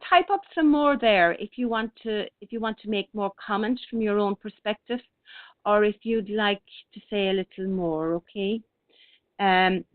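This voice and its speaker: Gentle woman on a phone-like line. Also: medium pitch, dry recording. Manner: gentle, unhurried, with many hesitations and restarts. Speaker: radio show host. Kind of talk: casual spiritual talk, reading out listener comments. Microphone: online radio broadcast. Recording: thin phone-like line, dry.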